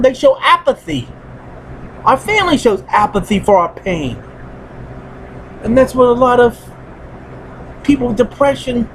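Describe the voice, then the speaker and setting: Earnest man with a high voice, heavy-hearted solo monologue that circles back to the same points. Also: a little hiss or hum, rough recording. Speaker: vlogger. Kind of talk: personal spoken monologue.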